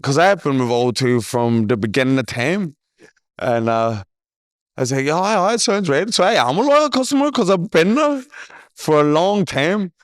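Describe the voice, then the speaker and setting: A man's voice: on the high side, big pitch swings, moderate pace, dry recording, clean studio sound. A man hosting a podcast in casual chat, telling stories animatedly, swearing freely and laughing often. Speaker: podcast host.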